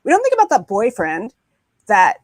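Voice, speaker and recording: A woman's voice: mid-range voice, huge pitch swings, moderate pace, dry recording. A woman on a panel, talking with emphasis and repeating words for stress, heard over a video call. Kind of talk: animated panel discussion.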